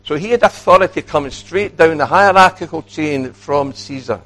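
A man delivers a sermon in a fairly high voice. He is animated, swings between quiet asides and raised emphasis, acts out quoted lines, and keeps putting questions to his congregation. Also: moderate pace. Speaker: preacher.

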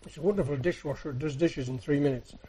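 A soft-spoken man preaching to his congregation in an easy, rambling storytelling way. His voice is husky and mellow, and a little higher than most men's. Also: quick pace, poor audio. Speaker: church speaker. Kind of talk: anecdotal sermon.

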